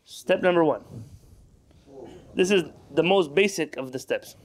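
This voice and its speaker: High-voiced male teacher giving a Torah lecture, reading Hebrew and explaining it in English. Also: measured pace. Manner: reads Hebrew text then explains in English, asks rhetorical questions.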